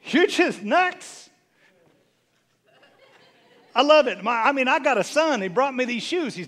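High-voiced, animated preacher man. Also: unhurried, long pauses. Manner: snarky, conversational, teasing. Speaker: bishop preaching. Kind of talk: sermon.

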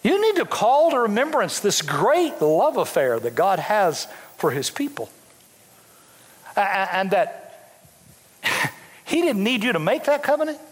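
Fervent high-voiced preaching man. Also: wildly swooping pitch, unhurried, long pauses. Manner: fervent, emphatic, repetitive. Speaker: bishop. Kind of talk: sermon. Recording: long hall reverb.

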